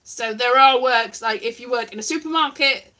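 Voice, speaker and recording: A woman's voice: on the high side, normal speed, bright, forceful tone. A young woman vlogging casually to live viewers, rambling and self-mocking, now and then slipping into silly voices.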